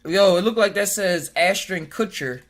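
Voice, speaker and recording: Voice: mid-range voice, normal speed. A laid-back podcast host talks casually and reads articles aloud. The host jokes and laughs often and trips over the harder words.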